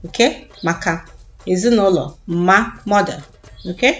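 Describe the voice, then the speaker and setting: A woman teaching a children's language lesson, saying each word slowly and repeating it for learners to echo. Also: mid-range voice, lively intonation, soft background music.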